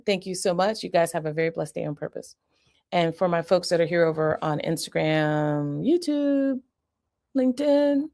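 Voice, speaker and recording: A woman psychiatrist giving a live-streamed teaching talk, calm and deliberate, modeling soothing phrases as she coaches. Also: sits low, vocal fry.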